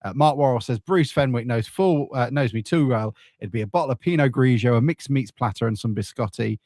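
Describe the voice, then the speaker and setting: A man hosting a casual football podcast, joking and relaxed with plenty of fillers. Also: mid-range voice, a little fast, no echo, studio quality. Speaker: podcast host.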